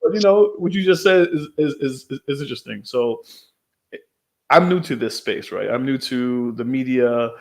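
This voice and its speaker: A man's voice: mid-range voice, lively intonation, moderate pace, a little mellow. A man hosting a casual podcast interview, upbeat but often repeating and restarting his words. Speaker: podcast host.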